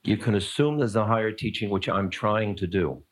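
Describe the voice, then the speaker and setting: In a lecture room before a live audience, a man in his sixties answers questions during a dharma talk, conversational and playful, exploring ideas with chuckles and side remarks. His voice is lowish, at normal speed, with no echo.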